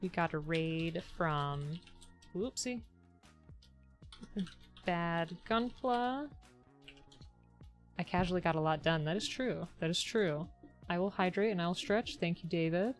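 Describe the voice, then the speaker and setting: A woman's voice: on the low side, animated, slow, pauses often, faint music behind. A woman live-streaming a model build, chatting casually and upbeat with her viewers. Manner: chatty, upbeat, thanks viewers warmly by turns.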